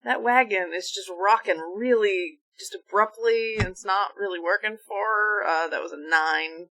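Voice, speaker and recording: Casting: woman, bright and forceful tone, tabletop player, dry close mic. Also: mid-range voice, normal speed, no room sound, low-quality recording. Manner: matter-of-fact, describes her character's actions. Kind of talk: casual tabletop play.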